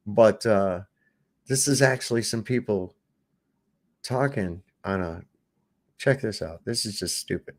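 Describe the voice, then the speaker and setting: A man's voice: on the low side, lively intonation, slow pace, pauses often. A man hosting a casual livestream, talking in a profane, mocking and exasperated way. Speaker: livestream host.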